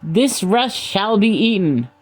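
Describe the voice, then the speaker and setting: A woman voicing a fanatical old male high priest with a reedy voice, intoning grandly. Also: expressive, slow pace, poor audio. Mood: solemn.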